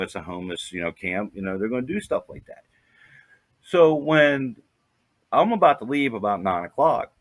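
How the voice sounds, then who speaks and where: Gravelly man telling a rambling story. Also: medium pitch, fairly bright tone, no room sound. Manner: rambling, full of "you know" and "like" fillers. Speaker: podcast co-host. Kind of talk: casual storytelling.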